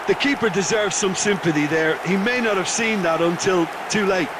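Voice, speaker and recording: A man voicing a seasoned male football colour commentator in a video game, explaining the play in a steady, thoughtful way. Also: high voice, normal speed, over a noisy crowd, heavy background noise, lightly acted. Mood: analytical. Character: seasoned male football pundit, calm and analytical. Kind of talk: scripted video game match analysis.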